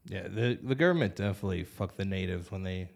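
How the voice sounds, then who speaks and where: A man in a relaxed podcast conversation, easygoing and chatty with frequent fillers. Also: deep voice, fast, vocal fry. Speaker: podcast co-host. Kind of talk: casual chat.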